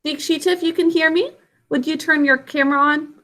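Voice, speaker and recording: A young woman teacher leading an online spelling lesson over a video call, clear and encouraging. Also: sits high, steady tone, a little fast, a bit bright.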